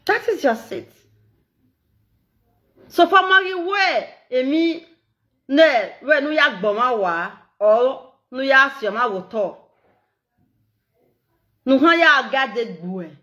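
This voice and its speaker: A middle-aged Nigerian woman with an Edo accent, talking in a casual, animated, repetitive way and laughing often. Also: high-pitched, slow pace, pauses often. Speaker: social media live streamer. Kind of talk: casual monologue in Pidgin and Edo.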